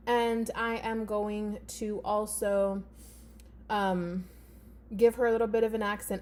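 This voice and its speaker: A woman speaks in a loose, conversational teaching voice, pitched in an ordinary middle range. She talks straight to her students at home, encouraging them and pausing often on "um" as she explains. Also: little pitch movement, a little mellow. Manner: chatty and encouraging, with frequent "um" fillers. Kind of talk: casual video lesson to students at home.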